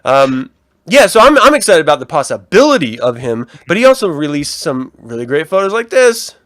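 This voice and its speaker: A man co-hosting a casual fan podcast, animated and profane, often restarting his sentences. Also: on the high side, brisk, dry recording, clean studio sound. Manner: animated, swearing, trailing restarts. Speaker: podcast co-host.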